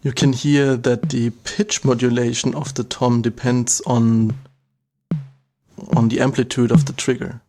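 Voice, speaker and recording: A man explaining gear step by step in a calm, methodical voice of middling pitch. He narrates an instructional demo while drum machine sounds play faintly underneath. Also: measured pace, over music. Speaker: product demonstrator.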